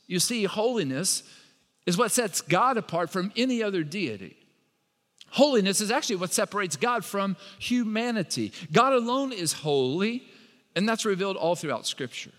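A man's voice: high voice, fairly bright tone. A man preaching a sermon, with dramatic repetition and rising emphasis, standing before a congregation. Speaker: pastor. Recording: long reverb of a large hall.

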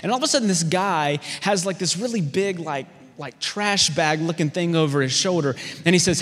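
High-voiced male pastor preaching. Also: normal speed, hardly any pauses, long reverb tail. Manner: storytelling, animated voices in anecdotes. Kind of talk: sermon.

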